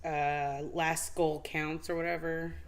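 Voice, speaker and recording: A woman's voice: takes it slowly, creaky. A woman co-hosting a casual live-stream chat, telling a story with lots of fillers and acted-out bits. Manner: animated storytelling, acts out scenes with high squeals and laughs; many fillers and restarts. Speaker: podcast co-host.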